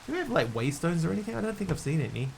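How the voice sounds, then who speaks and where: A man's voice: fairly high pitch, sing-song, rapid-fire, vocal fry, a little hiss or hum. A man streaming a video game live, chatting casually and thinking aloud in muttered asides. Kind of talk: casual live gameplay commentary.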